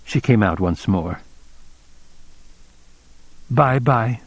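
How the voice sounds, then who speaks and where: A man narrating an audiobook in a measured, deliberate reading style. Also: lowish voice, lively intonation, darkish tone, dry recording. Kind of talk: scripted narration.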